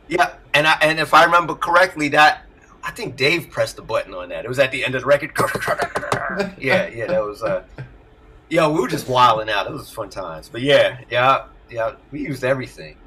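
A middle-aged man, a music producer, telling stories in an animated way and laughing often during a casual interview over a video call. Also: mid-range voice, moderate pace, a little hiss or hum, poor audio. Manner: animated storyteller, laughs often, acts out voices.

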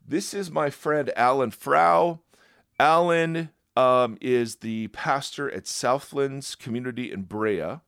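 A man hosting a podcast, chatting casually and joking, with frequent quick restarts. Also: mid-range voice, creaky, a bit bright, smooth, dry recording, studio quality. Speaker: podcast host.

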